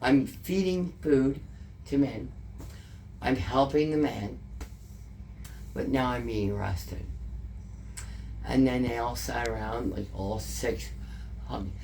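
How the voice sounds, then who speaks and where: A woman's voice: extremely low pitch, slow pace, pauses often, mellow, a little hiss or hum. A woman with a Canadian accent, telling an emotional story in a casual interview, swearing often and repeating herself. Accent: Canadian English.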